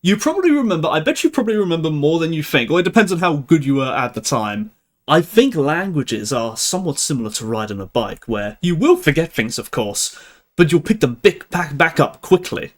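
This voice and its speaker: A man's voice: a little high, big pitch swings, brisk. A young man hosting a live stream, chatting casually with viewers, laughing often and restarting his sentences. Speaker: livestream host.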